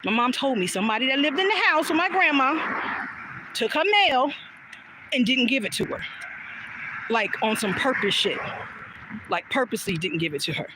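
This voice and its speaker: Walking outdoors in the evening, a woman livestream vlogger chats casually and frankly, swearing and reading viewer comments aloud. Her high-pitched voice is animated at normal speed, broken by long pauses, with background noise present.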